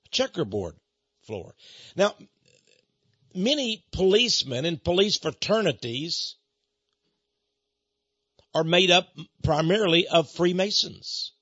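A middle-aged man giving an animated, emphatic storytelling lecture with dramatic pauses. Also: sits high, husky, no echo. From Austin, Texas. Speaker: speaker on Freemasonry. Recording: dull, dry lo-fi recording.

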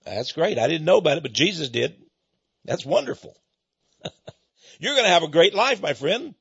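A man's voice: fairly high pitch, sing-song, normal speed, creaky, a bit bright, breathy edge, dry recording, dull audio. A man preaching on a radio program in a folksy, plainspoken way, often chuckling as he talks. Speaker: radio minister.

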